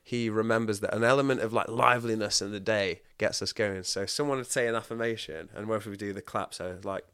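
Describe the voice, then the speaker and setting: A man chatting casually as a guest, telling stories in an animated way and often breaking into laughter. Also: lowish voice, quick pace, hardly any pauses, clear, resonant tone, no room sound, studio quality. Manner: animated, laughing, acts out quotes. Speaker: podcast guest. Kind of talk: casual storytelling chat.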